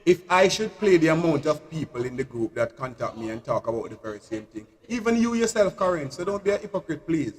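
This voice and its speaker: A man's voice: fairly high pitch, sing-song, a little fast, few pauses, in a large hall. A man in his forties hosting a live stream, insistent and repeating himself. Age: 40s. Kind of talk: heated live discussion.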